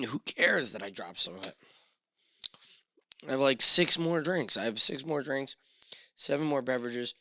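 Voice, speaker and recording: A man hosting a solo podcast, rambling and swearing through self-mocking rants with sudden loud outbursts into a studio mic. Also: medium pitch, expressive, moderate pace, long pauses, dry recording. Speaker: podcast host.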